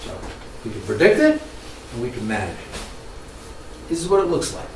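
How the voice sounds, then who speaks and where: A man's voice: medium pitch, moderate pace, slight background noise. A man giving a training workshop lecture to a live audience, telling stories and asking the room questions. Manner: animated storyteller, asks the audience questions. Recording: echoey room, mic from far off.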